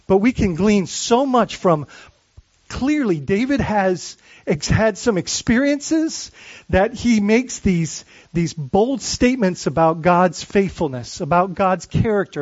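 A man preaching as pastor, his voice set high for a man. He talks in an earnest way, often stumbling and restarting phrases, and puts questions to his listeners. The recording is dry and a little dull. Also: lively intonation, slow, no room sound. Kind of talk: sermon.

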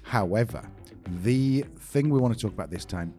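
A man with a very low voice co-hosts a relaxed podcast. He drops dry, joking asides. Soft music plays faintly behind him. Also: normal speed. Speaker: podcast co-host. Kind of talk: casual chat.

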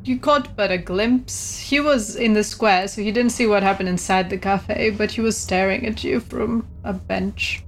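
A woman game master narrating a tabletop horror game in a descriptive, unhurried way. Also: medium pitch, vocal fry, slight background noise. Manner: descriptive, unhurried, laughs between lines.

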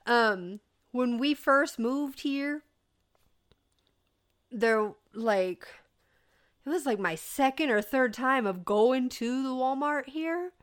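A woman's voice: sits high, expressive, takes it slowly, long pauses. A woman in her thirties co-hosting a casual chat, rambling through a story and laughing often. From New Mexico. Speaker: podcast co-host.

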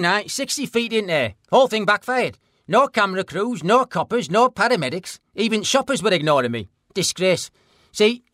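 An actor playing a blunt, deadpan middle-aged northern English ex-stalker, in a mock documentary interview. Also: male voice, high-pitched, dry recording, studio quality. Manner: deadpan, blunt, plain-spoken.

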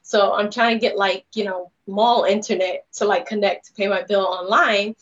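A woman's voice: medium pitch, fairly even intonation, normal speed. A woman guest speaker telling her personal story in a candid, rambling way, full of "you know" fillers. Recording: dull lo-fi live stream audio.

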